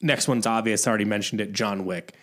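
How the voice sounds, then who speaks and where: A man's voice: on the low side, fast, a bit bright. Blunt, offhand male podcast co-host. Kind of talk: casual chat.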